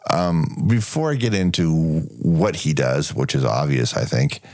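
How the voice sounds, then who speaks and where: A man's voice: rumbling low, unhurried, dry recording, clean studio sound. A man co-hosting a podcast, reviewing a movie in casual chat, laughing often and acting out the lines he quotes. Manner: animated, laughing, acts out quotes. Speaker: podcast co-host.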